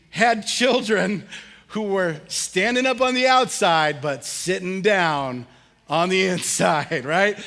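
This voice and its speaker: High-voiced pastor, casual and joking. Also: male voice, a bit bright. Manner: casual, humorous storytelling with audience questions. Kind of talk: conversational sermon.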